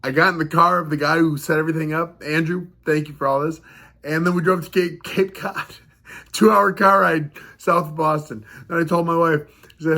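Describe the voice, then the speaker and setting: With a fairly high, sharp voice, steady tone and normal speed, this man vlogs about being on the road for a fight in the northeastern US. He's a fighter telling a rambling, casual story, chuckling a lot and going over the same points again.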